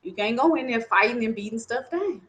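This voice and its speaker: A woman's voice: fairly high pitch, expressive, fairly quick, fairly bright tone. A storyteller woman voicing a flashy, wealthy male warrior king god who talks in a laid-back, teasing street style.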